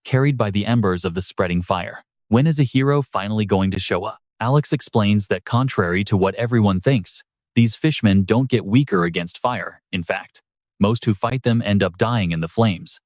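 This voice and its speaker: A man's voice: on the low side, normal speed, darkish tone, no echo, studio quality. A man narrating a story recap in a dramatic, scripted storytelling manner. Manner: dramatic storytelling with brief voiced quotes.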